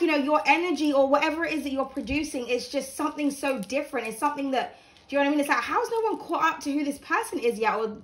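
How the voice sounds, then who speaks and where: A woman's voice: sits high, fairly bright tone. A young woman giving a casual, encouraging tarot reading to camera at home, chatty and full of fillers. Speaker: tarot reader. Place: home room with blinds open.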